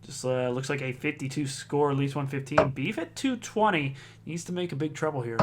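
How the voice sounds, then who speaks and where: A man's voice: a little high, brisk, a little hiss or hum. A man giving casual play-by-play commentary on a darts league, chatty, reading out scores and viewer comments.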